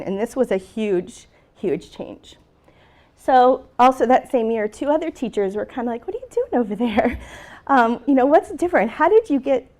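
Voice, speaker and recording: A woman's voice: mid-range voice, darkish tone. Heartfelt woman teacher telling her story. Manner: heartfelt, emotional, retelling dialogue. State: tearful at moments. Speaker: teacher giving a conference presentation. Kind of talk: personal story told to a live audience.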